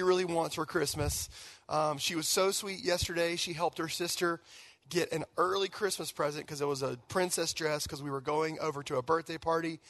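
A man with a fairly high voice preaches in a relaxed, conversational way, telling personal stories with lots of casual fillers. The sound is close and dry, with almost no room echo. He sounds like a man in his thirties. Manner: conversational, animated storytelling with fillers. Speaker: guest pastor.

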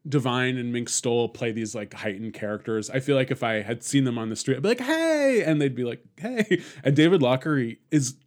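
Chatty male podcast host, casual film talk, rambling and quick to laugh. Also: medium pitch, steady tone. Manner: rambling, laughs often, many fillers and restarts.

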